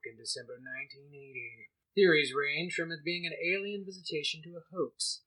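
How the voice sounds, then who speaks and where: A podcast host reading a news article aloud in an exaggerated put-on Cockney accent, hamming it up as a mock newsreader. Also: male voice, fairly high pitch, fairly bright tone, low-quality recording.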